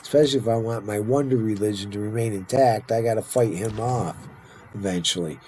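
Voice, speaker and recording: A tired, punch-drunk man narrates his strategy game in a chatty, playful way, now and then slipping into mock-grand roleplay. His voice is fairly low and mellow. A faint noise floor sits under the recording. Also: a little fast, rough recording. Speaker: gaming video host. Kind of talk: casual let's-play commentary.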